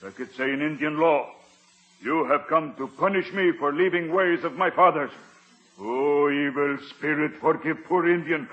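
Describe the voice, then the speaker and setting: An actor playing a solemn older tribal chief who speaks in halting, clipped phrases, in a 1950s radio sitcom. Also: male voice, a little high, a bit bright, close to an everyday voice. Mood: pleading. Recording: dull 1950s radio recording.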